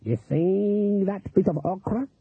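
Man voicing a raised, husky, slow-drawling voodoo cook with a rolling growl, storybook reading, tinny dry audio. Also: sits high, dry recording, voice pushed up, heavily acted. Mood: knowing. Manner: slow drawling speech with folksy grammar. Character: older female voodoo cook, slow and knowing.

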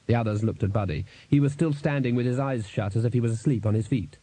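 A man reading a novel aloud as an audiobook narrator, in a steady storytelling manner. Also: mid-range voice, fast, breathy edge, no echo. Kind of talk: scripted narration.

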